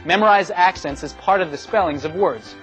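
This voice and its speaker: A man giving a scripted instructional review in a clear, measured way, with a dull lo-fi sound. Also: high-pitched, a bit bright. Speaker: narrator of an educational video. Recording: dull lo-fi sound with faint music.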